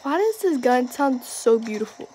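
High-voiced young woman narrating her game. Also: sing-song, normal speed, a little hiss or hum. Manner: chatty, reacting out loud to the game. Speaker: gamer. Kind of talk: casual gameplay commentary.

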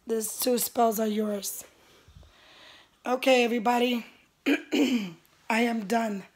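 A woman's voice: fairly high pitch, fairly even intonation, slight background noise. A woman spell caster talking casually to her clients in a vlog, tired and apologetic with a worn-out voice. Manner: weary and apologetic, drawn-out.

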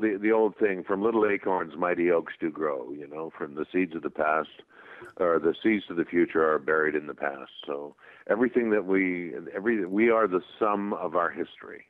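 A man, a voice actor, telling anecdotes in a casual interview, animated and laughing often as he acts out voices. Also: sits low. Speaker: voice actor guest. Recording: dull lo-fi podcast audio.

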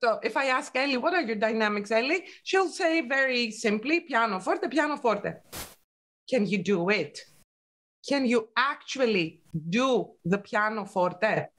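A woman leads an online piano masterclass, speaking slowly and deliberately in a fairly high voice. She coaches with patient questions and calls out the dynamics for the student. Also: lively intonation, a bit bright. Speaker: piano teacher.

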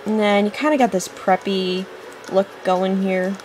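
A woman's voice: medium pitch, fairly even intonation, measured pace, darkish tone, slight background noise. Chatty woman rambling through gameplay. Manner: chatty, rambling, easily impatient with the game; apologetic asides. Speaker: let's-play host. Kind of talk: casual gameplay commentary.

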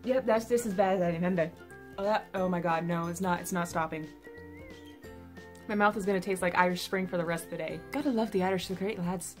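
A woman's voice: on the low side, fairly even intonation, fairly quick, soft background music. A young woman YouTuber chatting casually to camera, bubbly and self-mocking.

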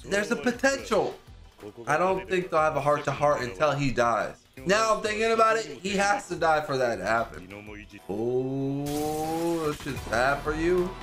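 A man hosting an anime reaction channel, talking casually and excitedly, exclaiming and swearing as he talks to the screen. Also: fairly high pitch, a little slow. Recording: music playing loud behind.

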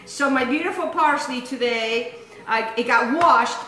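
A woman's voice: sits high, a little slow, sharp tone, echoey room, rough recording. A woman hosting a home cooking show, talking in a chatty, rambling, enthusiastic way as she demonstrates a recipe. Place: home kitchen.

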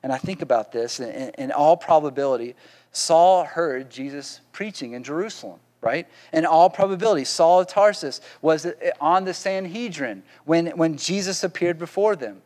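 Male pastor, sermon delivery, a bit high-pitched, restarts and repeats, keeps asking "right?". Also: normal speed, a little mellow.

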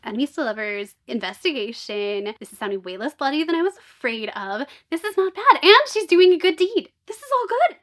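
Excitable, high-pitched woman unboxing books. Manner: excitable and gushing, with squealing outbursts and jokey asides. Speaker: book unboxing vlogger. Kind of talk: casual unboxing chat mixed with read-aloud book blurbs.

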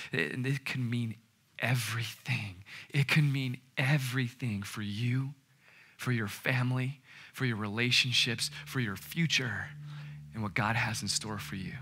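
A man preaching a sermon in an earnest way, repeating key phrases and dropping to a hush. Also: mid-range voice. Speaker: pastor.

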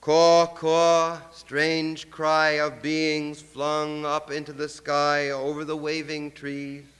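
A man's voice: a little high, monotone, slow pace, sharp tone, clean tone. A man giving a poetry reading in an incantatory, chanting manner, repeating long lines. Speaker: poet. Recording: long hall reverb.

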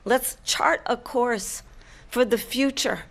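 A woman answering at a presidential debate, firm and deliberate. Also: fairly high pitch, fairly bright tone.

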